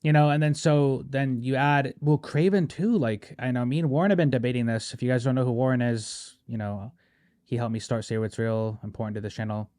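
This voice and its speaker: A man's voice: mid-range voice, fairly even intonation, brisk, darkish tone, no room sound. A man hosting a podcast, chatting casually and animatedly, peppering his talk with "bro" and "right?". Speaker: podcast host. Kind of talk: casual chat.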